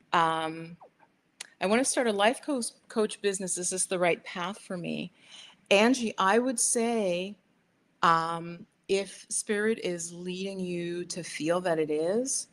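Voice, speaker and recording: A middle-aged woman hosting a casual livestream from her sofa, chatty and rambling as she gives tarot readings to viewers. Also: on the low side. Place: living room sofa by big windows.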